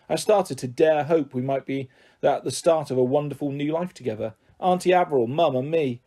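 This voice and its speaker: A man reading a children's novel aloud as the narrator, in a gentle, even storytelling manner. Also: a little high, fairly quick. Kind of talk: audiobook narration.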